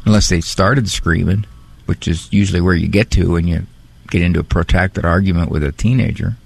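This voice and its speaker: Man, radio host, gravelly, dry studio mic, wry conversational talk. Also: deep voice, steady tone, dry recording. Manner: wry, musing, drawn-out phrasing. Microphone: studio microphone.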